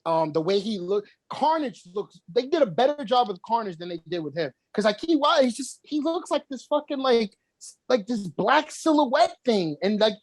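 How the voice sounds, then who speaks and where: Swearing, animated woman podcaster. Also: fairly high pitch, normal speed, dry recording. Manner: animated, swears a lot, acts out quotes. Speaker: podcast co-host. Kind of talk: casual chat.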